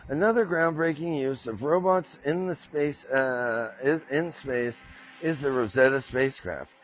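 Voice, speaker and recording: A man's voice: medium pitch, a little slow, muffled recording. An American man hosting a podcast, reading out facts and drifting into rambling, self-mocking jokes. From United States. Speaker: podcast host. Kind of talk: joking solo podcast reading.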